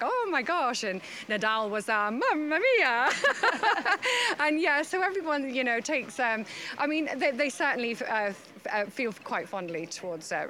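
A woman working as a falconer, answering interview questions in a chatty, halting way with many fillers. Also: a little high, bright, forceful tone, a little hiss or hum.

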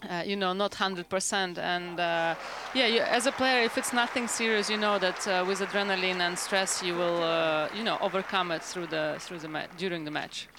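A woman with a manner speaking as a former-player co-commentator in a commentary box, candid and halting with fillers. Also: fairly low pitch, noisy background. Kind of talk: sports commentary.

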